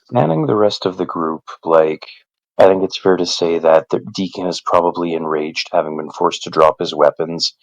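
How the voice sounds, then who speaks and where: A man playing a tabletop game, describing his actions in a measured way. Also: low voice, dry recording, rough recording. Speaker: player.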